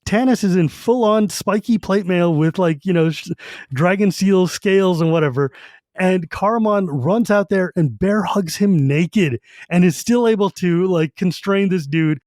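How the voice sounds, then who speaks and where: A man co-hosting a casual book podcast, animated and quick to laugh while retelling scenes. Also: high voice, no room sound. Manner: animated, laughs often, reads quotes in voices. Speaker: podcast co-host.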